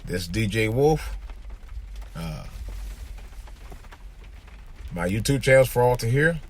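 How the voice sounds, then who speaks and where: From behind the wheel, a man hosts his podcast in an expressive, medium-pitched voice at a moderate pace, with slight background noise. The casual monologue is repetitive, meandering, and thick with fillers.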